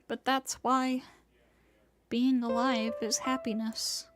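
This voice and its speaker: Slow, soft-spoken woman narrating. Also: fairly high pitch, flat delivery, no room sound. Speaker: streamer. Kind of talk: reading a visual novel aloud.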